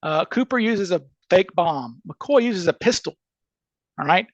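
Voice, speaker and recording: A man's voice: high-pitched, animated, a little slow, no echo. A man with a Southern accent, a criminal defense attorney on a podcast interview, laying out a case emphatically and checking in with "okay?" and "right?" as he goes.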